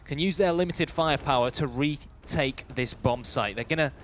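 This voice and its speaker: A man calling live esports play-by-play with a fairly high voice and bursts of hype. Faint event ambience hums underneath his commentary. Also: moderate pace, a little hiss or hum.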